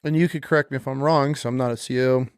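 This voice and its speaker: Blunt profane podcast host. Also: male voice, mid-range voice, steady tone, quick pace, smooth, no echo. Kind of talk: casual interview chat.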